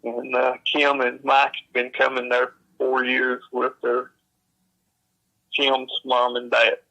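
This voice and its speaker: A man, slowly retelling a secondhand encounter in plain, folksy speech with frequent fillers. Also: medium pitch, monotone, vocal fry, sharp tone, rough recording. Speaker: storyteller.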